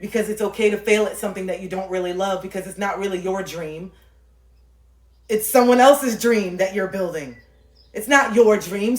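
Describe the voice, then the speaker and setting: Intense, swearing woman preaching self-help. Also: medium pitch. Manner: intense, preachy, swears freely, repeats phrases for emphasis. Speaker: livestreamer giving spiritual life advice. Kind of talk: impassioned motivational monologue. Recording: echoey room with faint music.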